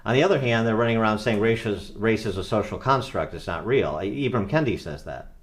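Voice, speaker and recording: A man's voice: fairly low pitch, a little fast. A man hosting a podcast, asking questions in a conversational way and searching for his words as he goes. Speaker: podcast host. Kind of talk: interview questioning.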